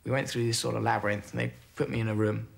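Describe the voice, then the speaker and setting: A man recounting a personal ordeal in halting testimony, full of fillers and restarts. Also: medium pitch, steady tone, gravelly, husky. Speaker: interviewee recalling captivity.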